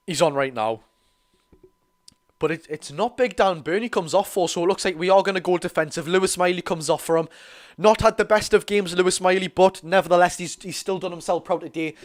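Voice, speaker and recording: Excitable Geordie teen calling football. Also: male voice, high-pitched, a little fast. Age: teens. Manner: excitable, chatty, calls the play and talks to chat. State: voice going hoarse. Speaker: fan watch-along host. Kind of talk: live football commentary and fan reaction.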